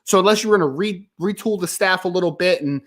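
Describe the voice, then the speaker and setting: A man hosting a live sports talk stream, ranting with frustration and emphasis, apologizing and calming down, then reading viewer questions. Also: high voice, quick pace. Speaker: sports podcast host.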